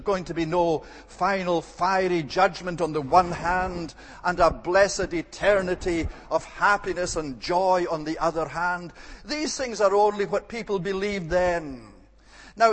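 Preacher, male, high-pitched, emphatic and measured sermon delivery, church hall with a long echo.

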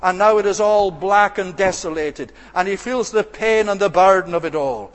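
A man preaching an expository sermon, measured and earnest, slowing down to dwell on quoted scripture. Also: high-pitched, long reverb tail.

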